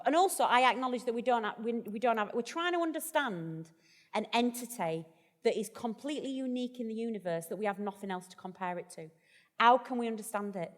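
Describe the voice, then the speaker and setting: Chatty woman vicar cracking jokes on stage, bit high voice, long echoey hall sound. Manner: chatty, jokey, self-deprecating. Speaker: vicar and guest. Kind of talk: live on-stage conversation. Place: festival event hall.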